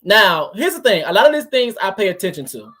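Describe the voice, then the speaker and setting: A woman's voice: medium pitch, big pitch swings, fairly quick, fairly bright tone, breathy edge. A woman reacting to a podcast clip, closely picking apart the tone and wording of what was said. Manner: analytical, picks apart tone and wording. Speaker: reaction commentator. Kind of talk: reaction commentary.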